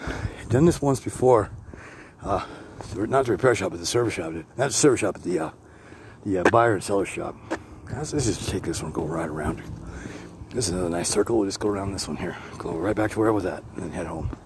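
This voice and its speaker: Out walking through neighborhood streets, a low-voiced podcast host delivers a rambling monologue at a fairly quick clip, blunt and full of swearing, constantly restarting and wandering off on tangents. The rough recording clearly picks up passing traffic and street noise under his voice.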